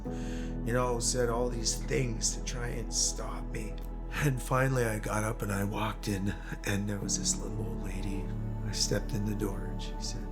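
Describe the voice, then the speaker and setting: A middle-aged man from Canada giving an earnest, reflective personal testimony, with a gravelly voice. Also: lowish voice, level tone, normal speed. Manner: earnest, reflective, emotional retelling. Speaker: testimony speaker. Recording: music bed under voice.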